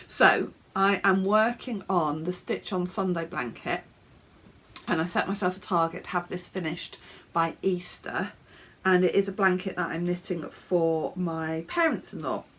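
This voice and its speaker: Here the English knitting podcaster has a fairly low, husky voice with a bit of brightness, and she talks a little slowly. It's a casual show-and-tell chat from her home office, full of fillers and small laughs, and she's snuffly and coughing.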